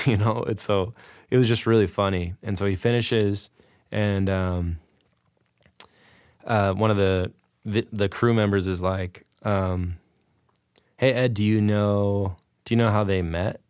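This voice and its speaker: A man's voice: fairly low pitch, a little slow, clean tone, no room sound, clean studio sound. A man on a podcast, animatedly recounting a story and acting out the dialogue. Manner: excited, animated retelling with quoted dialogue. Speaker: podcast guest. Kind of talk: casual storytelling.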